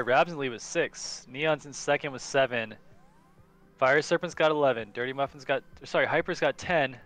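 Excited man calling a drone race. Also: medium pitch. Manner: excited, quick play-by-play. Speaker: race commentator. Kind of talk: live race commentary.

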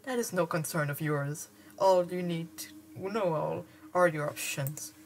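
A woman's voice: fairly low pitch, unhurried, a little hiss or hum. A woman reading the lines of a cold, calculating boy mastermind in a clipped, condescending way.

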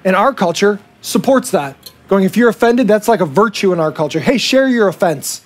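A male pastor preaching a sermon, animated and acting out the voices he quotes. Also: high voice, fairly quick.

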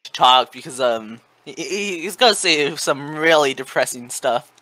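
A teen on a group call jumps in eagerly and stammers through the start of sentences. The voice has a bright, sharp edge and sits at a middle pitch. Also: moderate pace, rough recording. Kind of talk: casual group chat over voice call.

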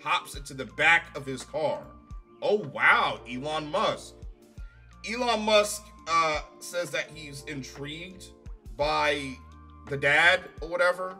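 Man, casual rant review, profane, sarcastic, crisp bright voice. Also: on the high side, slow, faint music behind. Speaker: TV show reviewer. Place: home recording setup with green screen.

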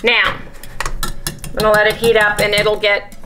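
A woman hosting a casual home cooking demonstration in her kitchen, chatting to viewers as she works and repeatedly saying how excited she is. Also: mid-range voice, normal speed, background noise. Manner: chatty, talks straight to viewers as "you guys". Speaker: home cook and channel host.

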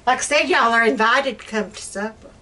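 A woman's voice: on the high side, fairly quick, sharp tone, slight background noise. A middle-aged woman, chatting casually and telling teasing, laughing stories as a co-host. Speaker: channel co-host. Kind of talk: casual chat.

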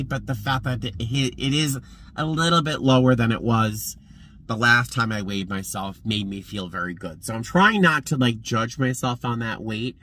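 A man vlogging from his car in a loose, talkative way, his voice bright and sharp. He jumps between calm chatter and sudden loud exclamations. A faint background hum sits under the recording. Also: medium pitch. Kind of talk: casual vlog chat. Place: in a car and around a parking lot.

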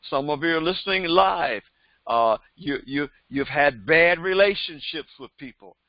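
A man with a notably high voice delivers a Bible-teaching sermon. He moves between reading scripture and retelling it in everyday speech, repeating points and addressing his listeners directly. The recording is dry and slightly dull, with a lo-fi quality. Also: expressive, measured pace, no room sound. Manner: reads scripture aloud, then retells it in plain everyday speech. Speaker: pastor.

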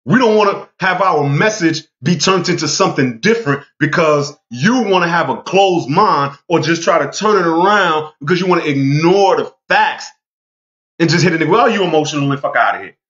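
A man's voice: a little high, normal speed, fairly bright tone, lo-fi sound. A man delivering a heated, profane monologue rant, emphatic and repeating himself to drive points home. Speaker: vlogger.

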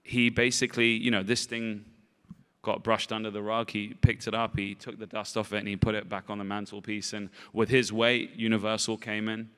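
A man answering interview questions in a rambling, halting way, repeating words and filling gaps with "you know". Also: on the low side, little pitch movement, a bit bright, clean tone. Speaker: film director and actor, interview guest. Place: festival stage in a large hall. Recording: long reverb of a large hall.

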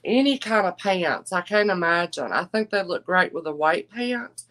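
A woman's voice: on the low side, expressive, normal speed, a bit bright. A middle-aged woman, chatting folksily with viewers as she hosts a live clothing and jewelry sale. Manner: chatty, folksy, calls viewers y'all and darling.

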